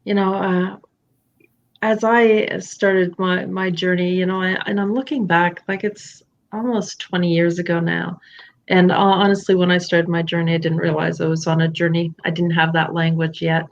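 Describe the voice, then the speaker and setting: A woman hosting a candid conversation, talking in an animated, emphatic and playful way. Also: fairly low pitch, normal speed, gravelly, lo-fi sound. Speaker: podcast host.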